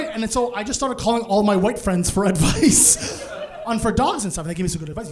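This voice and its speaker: A man performing stand-up comedy on stage in front of a live audience, telling a story in an animated way and acting out the people in it. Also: sits high, fast. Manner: animated, acts out voices, bursts into shouts.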